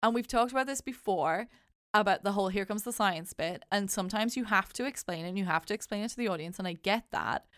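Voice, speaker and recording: Woman cohost, smooth clear voice, rambly casual film chat, dry mic. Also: medium pitch, fast, no echo. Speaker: podcast co-host. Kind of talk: casual movie review chat.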